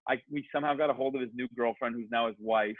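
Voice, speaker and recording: A man's voice: mid-range voice, fast talker, no room sound. Man telling a story on a tinny line. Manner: animated, rambling, swears freely, lots of "like". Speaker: podcast guest. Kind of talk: casual storytelling. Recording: tinny phone-like sound, dry.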